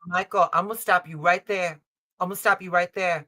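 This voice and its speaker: A middle-aged woman from Chicago leads a live-stream advice reading, her voice bright and forceful. She repeats her key lines for weight. She calls people baby and honey, and she swears without a second thought. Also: fairly low pitch, steady tone, a little fast. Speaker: tarot reader and show host. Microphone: streaming call setup.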